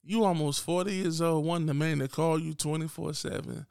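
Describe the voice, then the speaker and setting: A man's voice: on the high side, fairly even intonation, brisk, gravelly, a little mellow, smooth, dry recording, studio quality. A man hosting a podcast, delivering a blunt, unapologetic solo rant straight to his listeners. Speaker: podcast host.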